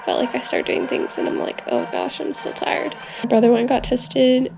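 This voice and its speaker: Gravelly-voiced young woman rambling to camera. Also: fairly high pitch. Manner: rambling, full of "like" and "um" fillers. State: recovering from illness, tires easily. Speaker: vlogger. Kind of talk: casual video diary. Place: her bedroom at home. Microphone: camera filming herself.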